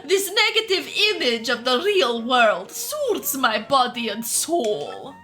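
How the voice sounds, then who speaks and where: Woman doing a grand diva wind spirit lady, terrible put-on Russian accent, drawn-out dramatic delivery, very high bright voice, faint game music behind. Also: huge pitch swings, full character voice. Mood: grandly pleased. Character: refined, theatrical female wind spirit diva.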